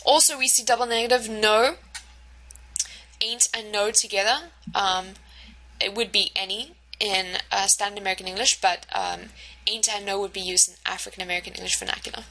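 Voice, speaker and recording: A woman's voice: medium pitch, steady tone, a little fast, bright, forceful tone, poor audio. A woman teacher giving a recorded lecture over slides, explaining step by step with frequent fillers and checks like "right?".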